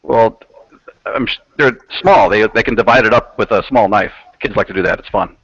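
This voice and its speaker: A man's voice: on the low side, moderate pace, fairly bright tone, husky. A male player at a tabletop game who chats casually and makes wry jokes. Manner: wry, joking. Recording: dull lo-fi recording.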